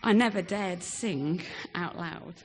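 A woman's voice: on the low side, takes it slowly, slight background noise. A young woman giving a hesitant farewell speech in church, with frequent ums, and reading scripture. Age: young adult. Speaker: departing church member.

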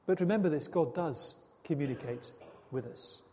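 A man's voice: a little high, normal speed, warm tone, slight background noise. A man preaching a sermon in an earnest, dramatic way, full of rhetorical questions. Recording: long hall reverb.

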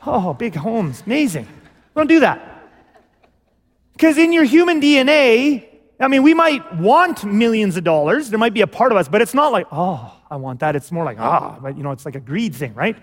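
A man preaching a sermon as pastor, in an animated, conversational way with acted asides. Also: extremely high pitch, fairly quick, big-room sound. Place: church sanctuary.

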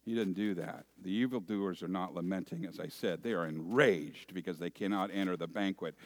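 A man preaching a sermon, deliberate, lifting key phrases with emphasis and dropping into quiet asides. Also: deep voice. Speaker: pastor.

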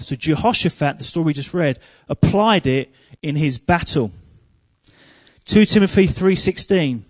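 High-voiced man preaching a sermon. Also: no echo. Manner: humorous storytelling, rising to loud emphatic preaching.

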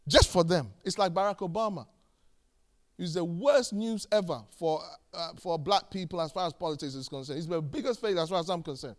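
High-voiced emphatic male preacher. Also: brisk. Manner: animated storytelling, acting out dialogue; emphatic, repeats key phrases. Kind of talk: sermon.

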